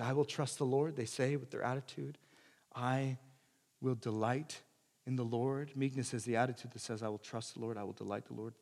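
Pastor preaching in an echoing hall. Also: male voice, medium pitch, vocal fry, slightly rough. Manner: swings from loud emphatic preaching to quiet earnest asides. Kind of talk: sermon. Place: church sanctuary. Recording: long church hall reverb.

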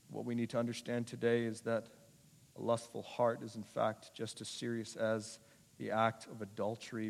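A male pastor preaching a sermon to a congregation, building to loud, repeated urgent appeals. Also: medium pitch. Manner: preaching with rising intensity and repetition. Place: church sanctuary. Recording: long hall reverb.

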